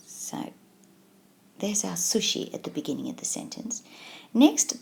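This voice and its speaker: A woman teaching a language video tutorial, explaining slowly and patiently and encouraging the learner. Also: on the low side, gravelly. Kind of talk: scripted video tutorial lesson.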